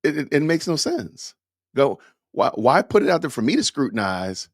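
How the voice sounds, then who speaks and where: A man's voice: mid-range voice, sing-song, normal speed, no room sound, studio quality. A man hosting a podcast, giving emphatic, lecturing, repetitive commentary. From Atlanta, USA. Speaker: podcast host.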